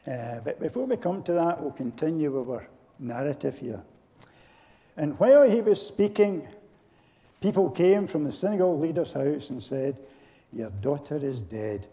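Preacher with gravelly voice in a reverberant hall. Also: male voice, on the high side, moderate pace. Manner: storytelling, animated, addresses congregation directly. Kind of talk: sermon.

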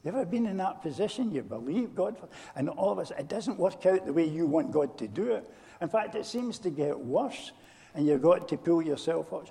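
A man preaching a sermon, retelling a story and speaking directly to his congregation in an animated way. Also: fairly high pitch, brisk, creaky. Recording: long hall reverb.

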